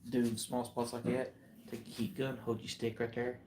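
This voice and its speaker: A man's voice: medium pitch, flat delivery, moderate pace, a little mellow, reverberant, a little hiss or hum. A man dropping in on his wife's craft stream, teasing and playfully interrupting her.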